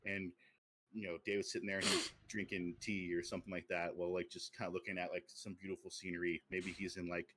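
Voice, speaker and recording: A young man casually chatting on a podcast, pitching a movie sequel in a rambling way full of fillers. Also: level tone, fast talker, breathy edge. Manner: rambling storytelling with many fillers, drops low and quiet for quoted lines. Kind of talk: casual chat.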